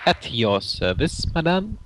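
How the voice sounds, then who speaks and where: A man's voice: on the high side, big pitch swings, measured pace, a little hiss or hum. A man playing a wandering minstrel in a tabletop game, courtly and drawn out. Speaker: player. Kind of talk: casual tabletop role-play.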